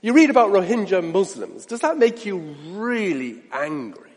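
High, lively-voiced male preacher in a reverberant hall. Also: normal speed. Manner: dramatic, rhetorical questions, drops to hushed asides. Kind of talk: sermon. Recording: long reverb of a large hall.

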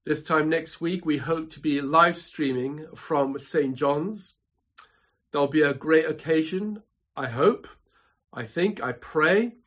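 A man preaching a sermon from his home study, measured and emphatic, building points through dramatic repetition. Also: on the high side, a bit bright. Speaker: pastor.

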